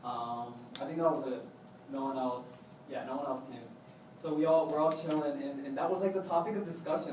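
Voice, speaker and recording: Young man, rambling casual anecdote, slightly high voice, very echoey room, distant mic. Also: background noise. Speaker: storyteller.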